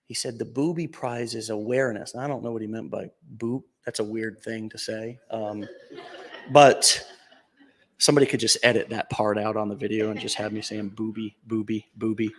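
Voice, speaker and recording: A man giving an energetic, joking motivational talk to a live audience at an event, jumping between loud bursts and hushed asides. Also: fairly low pitch, normal speed. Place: event venue.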